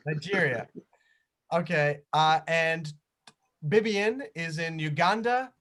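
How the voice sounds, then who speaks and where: A man's voice: on the high side, slow pace, a bit bright. Chatty upbeat man hosting a call. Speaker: host of a virtual tour. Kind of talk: casual chat on a video call.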